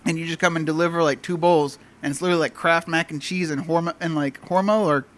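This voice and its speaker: A man recalling anecdotes about a friend in relaxed casual chat, swearing easily. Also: a little high, quick pace. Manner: laid-back anecdote teller.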